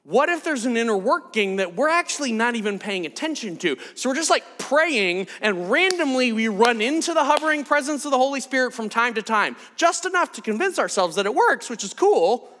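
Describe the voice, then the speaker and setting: Man preaching, high voice, lively swooping delivery, casual and animated. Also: a little fast, hardly any pauses, big-room sound. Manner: casual, animated, acts out quotes. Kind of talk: sermon.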